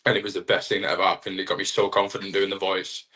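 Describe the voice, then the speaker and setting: A man's voice: sits low, little pitch movement, rapid-fire, pushed and bright. A young man, a wrestler, chatting casually in an interview in a rambling, self-deprecating way. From Britain. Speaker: wrestler guest.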